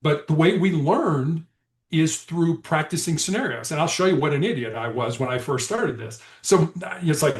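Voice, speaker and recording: A man tells stories on a podcast, his voice swinging up and down as he acts out the people he quotes. His pitch sits a little high. The room around him has a noticeable echo. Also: normal speed. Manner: animated, acts out quoted dialogue. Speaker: podcast guest, former hostage negotiator. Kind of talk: conversational storytelling. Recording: echoey room.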